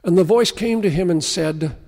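A man preaching a sermon in a notably high voice. He tells stories and slows, dropping to a hush to stress key words. The sound carries a long, spacious reverb. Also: gravelly. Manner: storytelling preacher, slows and drops to a hush for emphasis. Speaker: pastor.

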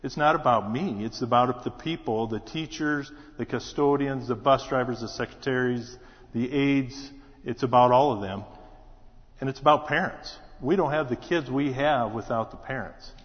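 A middle-aged man from South Dakota, a school superintendent, telling a personal story in a plainspoken, steady way to a church congregation. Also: medium pitch, normal speed. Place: church sanctuary. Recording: dull, lo-fi sound with long hall reverb.

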